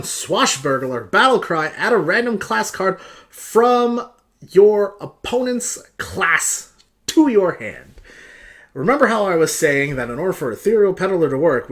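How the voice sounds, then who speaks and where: A man reviewing game cards in a casual, profane, ranting style. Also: fairly high pitch.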